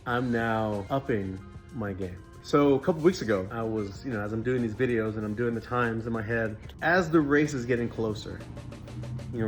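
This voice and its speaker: A man, a fitness coach, talking in an earnest, heartfelt and rambling way in a personal training vlog, full of fillers. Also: lowish voice. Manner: rambling conversational delivery with many fillers.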